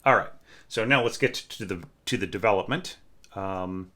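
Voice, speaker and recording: A man with a lowish, bright, forceful voice talks through a student's orchestral score. He thinks aloud with fillers and hums little bits of the music as he goes. His tone is that of a relaxed but exacting teacher giving feedback. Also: normal speed. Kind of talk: casual spoken score critique.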